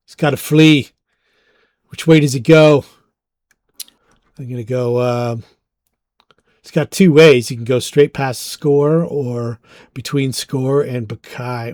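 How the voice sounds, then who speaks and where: A man's voice: medium pitch, a little mellow, no room sound, studio quality. A man narrating a tabletop game as game master, casual and hesitant with many fillers. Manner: casual, hesitant with frequent ums.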